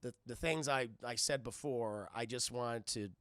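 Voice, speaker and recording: A man voicing a big, solemn male gargoyle leader who speaks haltingly and earnestly. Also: medium pitch, a bit bright, clean tone, no echo, studio quality, pitched below the performer's own voice, lightly acted. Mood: hesitant.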